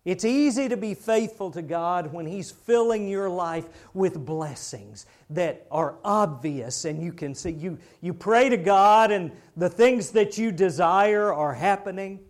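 A man's voice: high voice, expressive, a little slow, hardly any pauses. A man preaching a sermon in a conversational way, firing rhetorical questions at the congregation.

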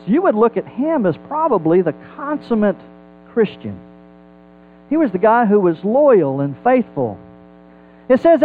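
High-voiced man preaching animatedly. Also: phone-quality sound, slight background noise. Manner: animated, asks rhetorical questions. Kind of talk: Bible teaching sermon.

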